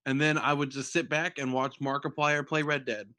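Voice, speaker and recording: A man co-hosting a casual gaming podcast, telling stories with squeaky impressions and laughing. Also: flat delivery, normal speed, sharp tone. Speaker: podcast co-host. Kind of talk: casual chat.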